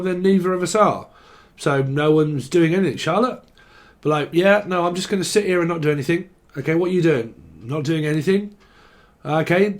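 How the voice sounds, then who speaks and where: Rambling, swearing man, slightly high. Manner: rambling, profane, slangy. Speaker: tarot reader. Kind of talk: casual tarot reading monologue.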